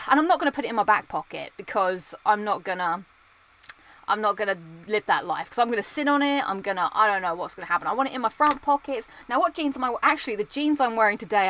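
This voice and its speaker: A woman's voice: medium pitch, sharp tone. A young woman streaming and chatting casually with viewers, rambling and playful, full of fillers and restarts, often laughing at herself. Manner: playful, self-mocking. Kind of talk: casual chat.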